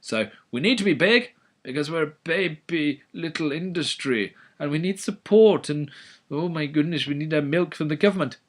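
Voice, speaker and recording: A man's voice: a little high, animated, normal speed, pitched above the performer's own voice, natural voice. A man voicing a young industry as a whiny, mock-pleading baby.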